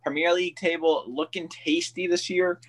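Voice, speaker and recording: A man's voice: on the high side, steady tone, normal speed, a bit bright. A man co-hosting a casual sports podcast, rambling and joking with frequent laughs.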